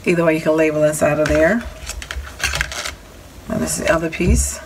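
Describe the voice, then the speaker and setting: A woman's voice: sits low, steady tone, normal speed. A woman casually showing and explaining craft dies in a home vlog, chatty, with apologetic asides. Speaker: crafting vlogger showing a haul. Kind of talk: casual show-and-tell. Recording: audible background noise.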